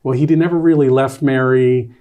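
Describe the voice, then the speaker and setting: A man being interviewed as a guest author and playwright. He is a lively storyteller who rambles, backs up and restarts. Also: mid-range voice, fairly quick. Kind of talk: casual interview.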